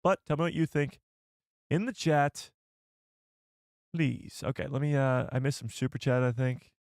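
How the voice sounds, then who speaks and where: A man hosting a casual live stream, excitable and rambling as he reads the chat. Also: medium pitch, a little slow, dry recording, studio quality.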